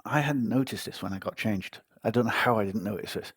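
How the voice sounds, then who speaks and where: A man's voice: fairly low pitch, fairly quick, a bit bright, breathy edge, no echo. A man hosting a podcast, telling a personal story in a casual, wry, self-mocking way. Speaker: podcast host.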